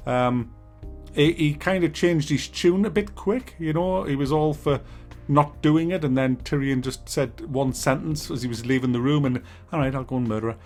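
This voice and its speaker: Guy ranting casually, husky voice, kinda high, swears a lot, faint music under it. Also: normal speed, darkish tone. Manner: exasperated, sweary, incredulous. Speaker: game reviewer. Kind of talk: casual video review rant.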